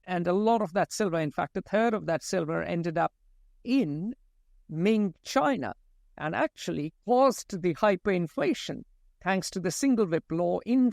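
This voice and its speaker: A man's voice: high voice, vocal fry, a little mellow, no echo, studio quality. A man hosting a history podcast, speaking fluently in a lecturing way with some stumbles. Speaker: podcast host. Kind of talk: conversational history discussion.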